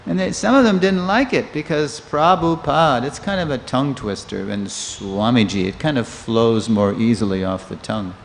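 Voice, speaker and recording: An older man lectures in a temple hall, his voice carrying a long reverb over a faint hiss. He is a lively storyteller who slips into the voices of the people he quotes, with an ordinary mid-pitched tone. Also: normal speed, gravelly, hardly any pauses. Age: 60s. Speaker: lecturer giving a scripture class. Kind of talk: storytelling scripture class.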